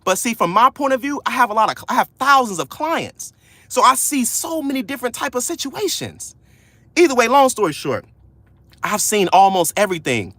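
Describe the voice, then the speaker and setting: Man, livestream coach, loud and preachy, slangy talk, bright voice, swinging pitch. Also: big pitch swings, normal speed, no echo. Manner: loud, fired-up, preachy, repeats key lines; casual slangy speech. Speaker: credit coach hosting a livestream.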